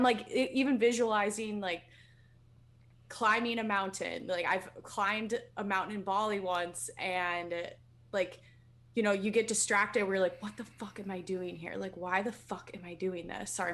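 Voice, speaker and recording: A young woman, a podcast guest, talking casually and animatedly, quick to laugh and swear. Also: medium pitch, a bit bright. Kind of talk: casual chat.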